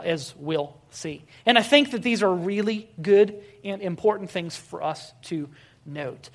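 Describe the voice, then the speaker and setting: A pastor preaching a sermon in a conversational, storytelling way with wry humor, putting rhetorical questions to the congregation and often pausing on filler sounds. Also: mid-range voice, a bit bright.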